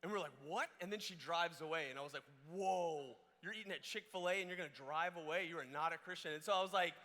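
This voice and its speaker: Young male camp speaker, high bright voice, lively story sermon, long hall reverb. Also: rapid-fire. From Georgia, US. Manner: animated, many restarts and fillers.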